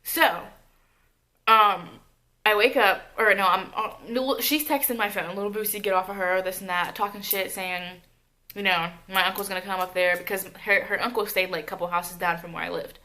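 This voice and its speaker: A young woman vlogger retelling a personal story in a casual, profane, animated way. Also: mid-range voice, normal speed.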